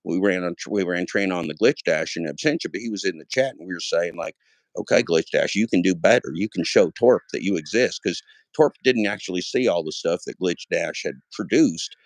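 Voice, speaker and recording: Livestream host, man in his fifties, very deep voice, dry close sound, rambling and profane, repeats himself. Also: animated, brisk, no room sound. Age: 50s. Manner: rambling, profane, repeats phrases, swings loud and high when worked up. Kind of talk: casual livestream monologue.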